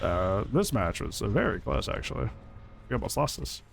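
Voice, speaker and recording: The recording carries a little hiss or hum as a gaming YouTuber with a gravelly, medium-pitched voice speaks at normal speed with big pitch swings. He jokes casually through live gameplay, talks to the players on screen, and laughs and swears frequently.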